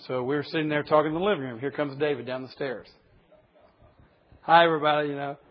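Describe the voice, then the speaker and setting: A man's voice: mid-range voice, fairly even intonation, fast. A man in his fifties, a pastor preaching a sermon in an emphatic, humorous storytelling way. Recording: dull lo-fi recording.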